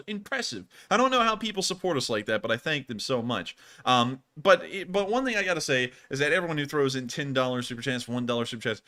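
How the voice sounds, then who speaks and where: A man hosting a casual live stream, animated and quick to laugh. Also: mid-range voice. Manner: animated, laughs often, says y'all. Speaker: host.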